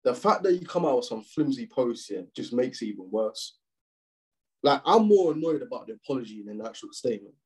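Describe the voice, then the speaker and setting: A young man, co-hosting a podcast in casual, slangy chat full of swearing and animated rants. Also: mid-range voice, brisk, breathy edge, poor audio. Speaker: podcast co-host.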